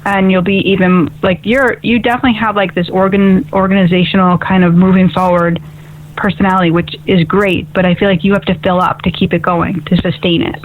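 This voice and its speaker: A lowish-voiced woman speaks a little fast with a flat delivery while hosting a call-in spiritual radio show as an intuitive medium, chatty and upbeat and often asking "right?". The tinny, phone-like radio audio carries a little hiss or hum.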